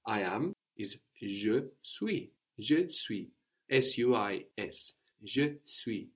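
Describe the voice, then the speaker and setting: A man with a somewhat low voice gives a French lesson at an unhurried pace. He explains patiently and repeats each phrase so his student can follow. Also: expressive, breathy edge. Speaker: French teacher. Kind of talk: language lesson.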